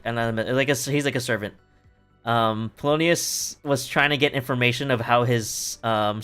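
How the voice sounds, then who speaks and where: A man's voice: mid-range voice, fairly bright tone, clear, resonant tone. A man streaming from home, recapping a play in casual chat, rambling and swearing with lots of fillers and restarts. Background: faint background music.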